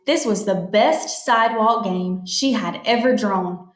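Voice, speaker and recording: A woman reading a picture book aloud to children, slowly explaining new words as she goes. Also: mid-range voice, reverberant. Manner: slow, explains words to young listeners. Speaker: storytime reader.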